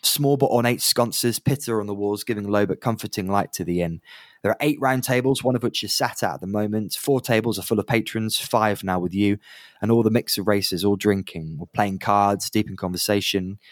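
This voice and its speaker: Give me a game master rambling through scene narration, dry and close. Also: male voice, lowish voice, fairly quick, dry recording. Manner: rambling, many fillers and restarts.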